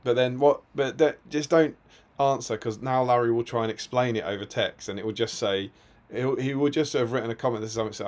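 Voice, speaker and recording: A man, co-hosting a hobby stream in casual chat, laughing often and letting his sentences trail off quietly. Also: mid-range voice, a little fast, few pauses. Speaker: co-host of a tabletop wargaming stream.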